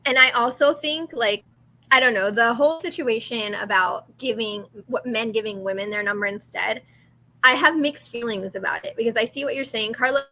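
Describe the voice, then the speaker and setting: A woman co-hosts a relaxed podcast conversation in a bright, fairly high voice. She talks earnestly and thoughtfully, weighing each side before making her point. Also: moderate pace. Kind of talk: casual chat.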